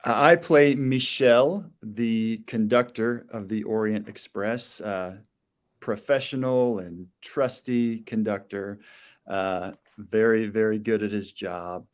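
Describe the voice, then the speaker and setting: A man's voice: lowish voice, slow. A man, an actor guest in a casual interview, friendly and easygoing, laughing along.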